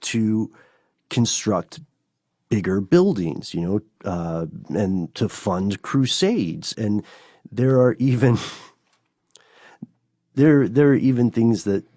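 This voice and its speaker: A man's voice: on the low side, slow, pauses often, dark tone, dry recording, clean studio sound. A man co-hosting a podcast in casual chat, talking loosely and checking in with "you know" and "right?". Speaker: podcast co-host.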